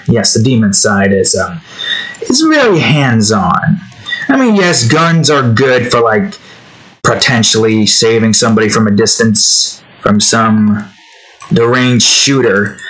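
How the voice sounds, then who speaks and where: A man chatting casually while he draws, rambling through off-topic asides and swinging into animated mock rants. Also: mid-range voice, low-quality recording. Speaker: art vlogger. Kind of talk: casual chat while drawing.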